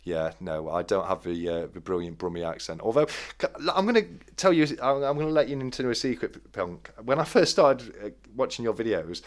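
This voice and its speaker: A man's voice: fairly low pitch, sing-song, a little fast, hardly any pauses. A man from the East Midlands of England with a slightly northern accent, hosting a casual chat, chatty and laughing, often stumbling and restarting. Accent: East Midlands English with a northern touch. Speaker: host.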